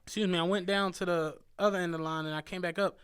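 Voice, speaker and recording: A man from Philadelphia who drives a bus, telling animated, laughing stories on a casual podcast. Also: sits high, fast, smooth. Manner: animated, laughing anecdotes with voiced asides. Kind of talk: casual storytelling chat.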